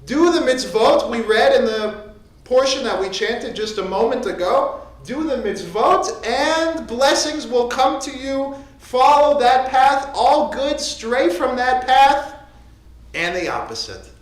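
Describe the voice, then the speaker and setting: Lively rabbi in an echoey sanctuary. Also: high-pitched, slow pace. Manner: conversational, joking. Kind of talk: sermon. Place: synagogue sanctuary.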